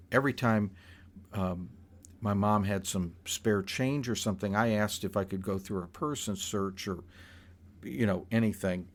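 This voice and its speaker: Older man, low-pitched, casual storyteller who rambles and restarts mid-sentence. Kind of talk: personal storytelling.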